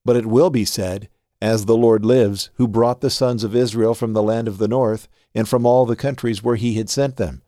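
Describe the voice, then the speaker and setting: A man reading Bible passages aloud in a measured, steady way. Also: on the low side, no room sound, studio quality. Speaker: scripture reader.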